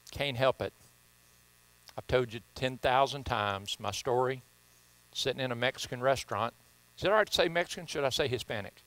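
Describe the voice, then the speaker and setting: A man's voice: medium pitch, a bit bright, clean tone, dry recording. A man preaching a sermon in church, telling folksy stories and reading scripture with emphasis. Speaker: pastor. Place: church sanctuary.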